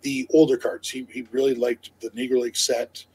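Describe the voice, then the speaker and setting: Husky guy rambling thru a story on a live stream, tons of uhs and restarts. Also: mid-range voice, flat delivery, brisk, darkish tone, rough recording. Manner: laughs easily while talking. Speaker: co-host. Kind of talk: casual chat on a live stream.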